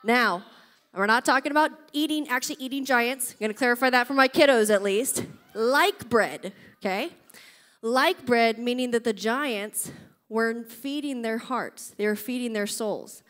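A woman with a high, bright-edged voice delivers a church sermon. She tells stories with lively energy and keeps checking in with her listeners as she goes. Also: moderate pace. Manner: animated storytelling, often checks in with "okay?". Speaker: preacher.

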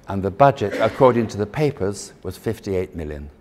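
A man's voice: fairly low pitch, big pitch swings, a little fast, darkish tone. Chatty, joking man in an echoey hall. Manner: chatty, self-deprecating, joking. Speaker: event designer giving a talk. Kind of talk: anecdotal presentation to an audience. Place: large formal hall. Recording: echoey hall, faint background noise.

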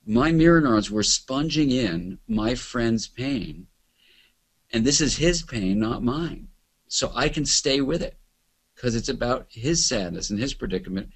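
A man voicing an elderly male therapy client who speaks softly and haltingly, searching for words. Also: medium pitch, lively intonation, breathy edge, voice pushed up. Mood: relieved.

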